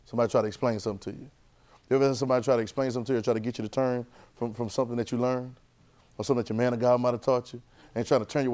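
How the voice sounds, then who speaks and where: A man teaching a church Bible class, lively and conversational, repeating phrases and asking the class questions. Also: medium pitch, very fast.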